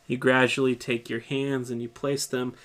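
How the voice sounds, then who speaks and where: A man with a mid-range voice leads a guided scripture meditation, speaking softly to his listeners. He paces the images slowly and lingers in his pauses. He asks them questions as they imagine the scene. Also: mid-range voice, flat delivery. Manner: slow, soft, second-person guiding with lingering pauses. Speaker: church speaker leading a meditation.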